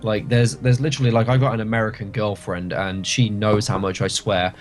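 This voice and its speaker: A man's voice: on the low side, level tone, a little fast, faint music behind. A British man chatting as a podcast guest, giving long winding explanations. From Britain. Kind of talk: casual podcast chat.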